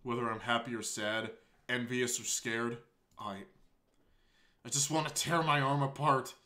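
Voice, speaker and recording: A man voicing a shy, anguished teenage girl in a tearful, halting confession while reading a visual novel aloud. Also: mid-range voice, steady tone, sharp tone.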